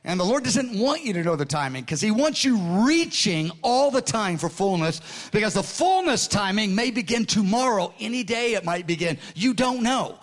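A man in his sixties preaching a sermon, telling stories in an excited, earnest way with frequent restarts. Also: sits high, moderate pace. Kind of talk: sermon storytelling.

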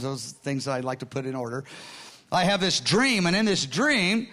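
A man in his sixties preaching a sermon, telling stories in an excited, earnest way with frequent restarts. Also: sits high. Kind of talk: sermon storytelling.

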